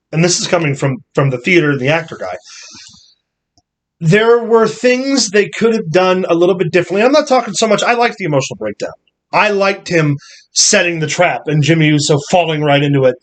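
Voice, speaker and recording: A man's voice: high-pitched, expressive, a little fast, fairly bright tone. Blunt, opinionated man co-hosting. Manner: blunt, opinionated, swears casually. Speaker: podcast co-host. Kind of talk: casual wrestling review chat.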